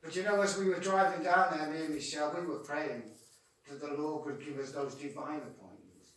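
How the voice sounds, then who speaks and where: A man's voice: a little high, steady tone, brisk, fairly bright tone, a little hiss or hum. A man, a Christian street evangelist, tells a testimony story and often repeats words as he goes. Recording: echoey room from far off.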